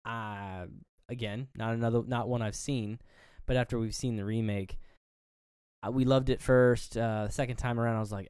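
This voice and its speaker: A man's voice: mid-range voice, steady tone, normal speed, darkish tone, clear, resonant tone, no echo, clean studio sound. A man co-hosting a casual movie review chat, rambling and swearing as he acts out scenes. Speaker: podcast co-host.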